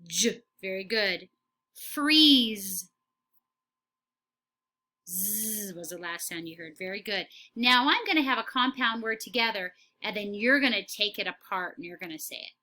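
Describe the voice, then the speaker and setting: A woman teaching a phonics lesson to young children, speaking slowly and clearly and giving steady encouraging praise. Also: medium pitch. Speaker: kindergarten teacher.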